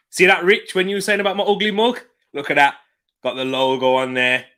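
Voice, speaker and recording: A man's voice: sits high, level tone, moderate pace, bright, forceful tone. A man with a British accent hosting a live football watch-along stream, chatting casually, laughing often and reading out viewer comments while sitting back from his desk mic. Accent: British English. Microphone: desk mic, sits back from it.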